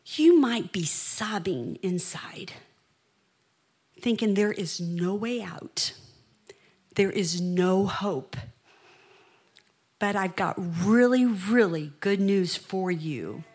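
A middle-aged woman preaching with an unhurried, deliberate pace. She tells her story softly, sometimes close to a whisper, and then lets it swell into passionate preaching. Her pitch sits in a plain middle range. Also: lively intonation, breathy edge. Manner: storytelling, building from hushed to impassioned. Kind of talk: sermon.

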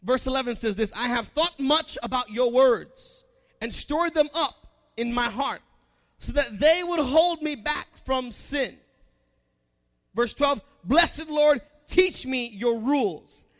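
High-voiced preaching pastor. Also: male voice, lively intonation, a little slow. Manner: preaching with call-and-response questions to the congregation; swings between soft asides and loud emphatic lines. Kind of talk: sermon.

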